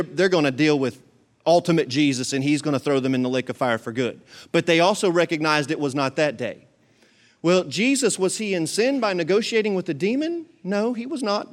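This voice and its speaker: A man preaching a sermon, reading scripture aloud and explaining it in a casual, animated way with jokes and asides to the congregation. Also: a little high. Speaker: pastor.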